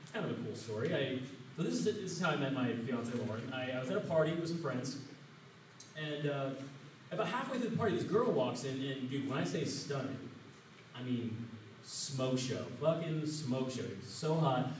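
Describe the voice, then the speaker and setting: A man's voice: medium pitch, lively intonation, normal speed, slight background noise. A young man tells stand-up stories in a laid-back, bro-ish way. His voice is picked up from a distance and rings around a very echoey comedy room. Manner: casual bro-ish storytelling. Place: open mic comedy room.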